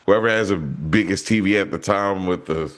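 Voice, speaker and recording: A man's voice: deep voice, moderate pace. A man co-hosting a casual movie podcast, telling a story in a loose, rambling way with many restarts. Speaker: podcast co-host.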